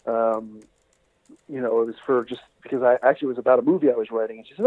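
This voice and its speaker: A man's voice: mid-range voice, fairly even intonation, fast, no echo. A man, a doctor and interview guest, telling rambling stories with lots of "uh" and restarts over the phone. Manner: rambling storyteller with many fillers and restarts. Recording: tinny phone line.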